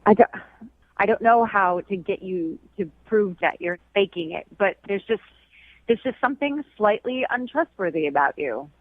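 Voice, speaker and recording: A woman's voice: medium pitch, lively intonation, moderate pace, no room sound. A woman calling into a radio show, blunt and sarcastic, heard over a muffled phone line. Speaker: caller. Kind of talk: radio call-in chat.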